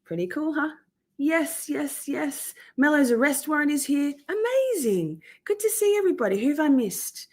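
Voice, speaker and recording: A woman's voice: sits high, very animated, moderate pace. A woman streaming live, chatting casually to her viewers and swearing freely while she fights with her gear.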